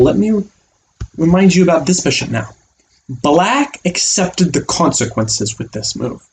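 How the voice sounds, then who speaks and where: A man as a chess coach giving an online chess lesson, animated and playful, acting out the pieces as little characters. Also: sits high, a little hiss or hum.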